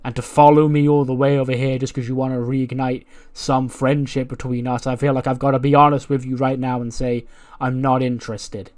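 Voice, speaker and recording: A man's voice: mid-range voice, little pitch movement, a little fast, few pauses, a little mellow, close to an everyday voice. A man voicing a tough, dismissive female wrestler turning someone away. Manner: blunt, firm. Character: blunt tough woman wrestler, cold and dismissive.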